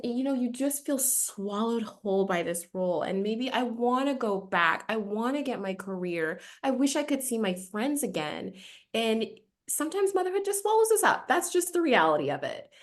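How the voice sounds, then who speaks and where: A woman hosting a webinar over a video call, asking empathetic questions and sharing her own experience as a mother. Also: medium pitch. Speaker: webinar host. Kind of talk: hosted webinar interview.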